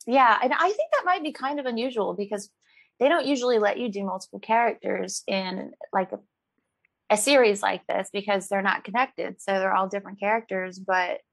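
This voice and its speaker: Brief: woman guest, chatty and animated, quick laughs, dry close sound. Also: medium pitch, vocal fry, dry recording. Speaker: actress guest. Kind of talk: casual interview chat.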